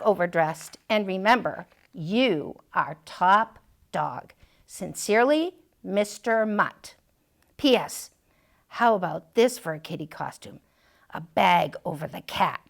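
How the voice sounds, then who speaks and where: A woman's voice: mid-range voice, very animated, slow pace, creaky, exaggerated voice. A woman reading a picture book aloud, voicing a wise, self-assured male dog who writes an advice column, confident and wry. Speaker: storytime reader.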